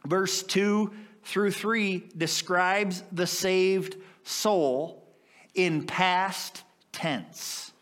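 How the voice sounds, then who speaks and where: A man preaching a sermon as pastor, with impassioned swells in pitch and volume. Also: very slow, fairly bright tone.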